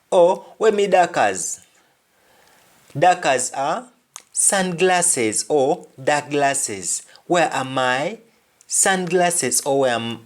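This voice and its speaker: A man teaching a language lesson, speaking deliberately and repeating each example phrase. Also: on the high side.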